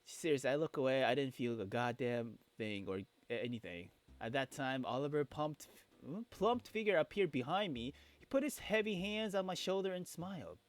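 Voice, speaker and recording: Animated joking man playing a game. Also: medium pitch, normal speed. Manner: animated, joking, swears freely. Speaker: gamer reading a visual novel aloud. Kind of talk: casual game playthrough.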